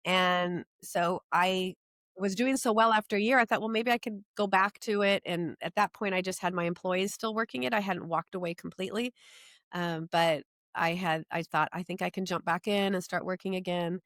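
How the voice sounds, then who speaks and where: Low-voiced woman telling her own story. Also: steady tone, normal speed, fairly bright tone, no echo, clean studio sound. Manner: earnest, tumbling run-on storytelling with many restarts. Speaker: podcast guest. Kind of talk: personal storytelling in an interview.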